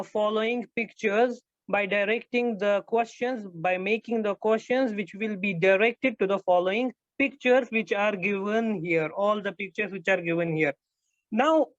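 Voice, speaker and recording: A male grammar teacher giving an online lecture, explaining slowly and repeating his points with many hesitations. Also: high voice, no room sound. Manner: slow, repetitive explaining with frequent hesitations. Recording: dull lo-fi dry sound.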